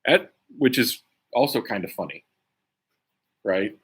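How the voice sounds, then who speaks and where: A man with a low, husky voice reads scripture and talks through it casually with a group. His delivery is lively and animated, rising and falling across a wide range. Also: measured pace. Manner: conversational, frequent "right?" tags. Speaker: Bible teacher. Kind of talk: casual Bible study reading and commentary.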